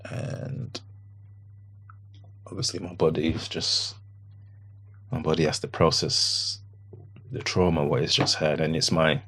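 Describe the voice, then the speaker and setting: A man with a very low, deep voice tells a painful story from his own life. He speaks haltingly, repeating phrases and quoting what he said back then. He often sinks into a hushed, near-whisper tone. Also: flat delivery, breathy edge. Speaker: podcast guest. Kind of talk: emotional personal account.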